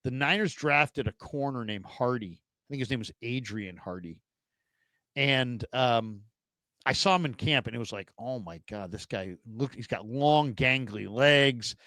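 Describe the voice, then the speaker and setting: Storytelling sports talk host, dry close mic. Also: male voice, measured pace, a bit bright, no echo, rough recording. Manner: rambling anecdotes, mimics players in a high goofy voice.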